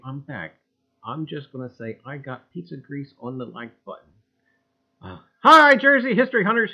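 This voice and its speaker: A man hosting a casual livestream, greeting viewers one by one with exuberant shouts and leaning on catchphrases like "gang" and "I tell you.". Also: slightly rough, highs cut off. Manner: exuberant, greets chatters one by one with sudden loud jumps in pitch. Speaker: livestream host.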